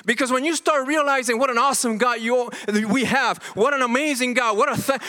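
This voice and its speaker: A man's voice: extremely high pitch, fairly quick, hardly any pauses, bright, forceful tone. A middle-aged man preaching a sermon as pastor, earnest and impassioned, often restarting and repeating himself.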